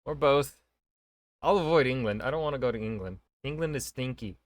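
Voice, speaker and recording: A man's voice: mid-range voice, fairly quick. A man casually reacting to a history video, thinking aloud with jokes and fillers.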